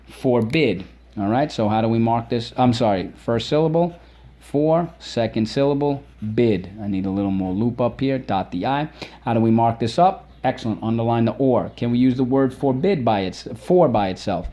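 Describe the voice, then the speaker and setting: A man's voice: medium pitch, mellow. A male teacher leading a children's spelling lesson, drilling words aloud, asking questions and praising answers. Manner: drills words aloud, repeats them slowly and emphatically; encouraging, asks questions and praises.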